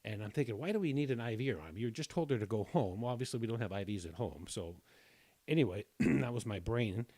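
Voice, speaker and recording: A man telling a long personal story in casual chat, rambling and self-deprecating, often clearing his throat. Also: lowish voice, animated, a little fast, a little mellow, no room sound.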